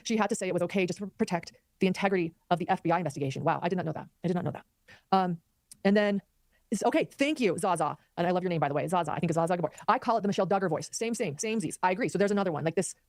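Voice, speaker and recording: Fast-talking woman doing live commentary. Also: on the low side, no echo, clean studio sound. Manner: fast, animated, reads viewer comments aloud. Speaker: commentary host.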